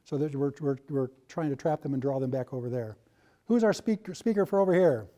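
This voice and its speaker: A man's voice: medium pitch, a little fast, dark tone. A man leading a professional training workshop, coaching participants and joking with them. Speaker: workshop presenter. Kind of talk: workshop facilitation.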